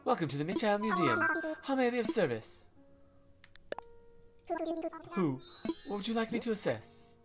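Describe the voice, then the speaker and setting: A man's voice: sits high, sing-song, normal speed, long pauses, voice pushed up. A man doing a pompous owl curator, mock-British. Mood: polite, pompous. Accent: put-on British. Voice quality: formal, old-fashioned hooting politeness. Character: fussy, pompous male owl museum curator. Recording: game music loud under voice. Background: loud game music.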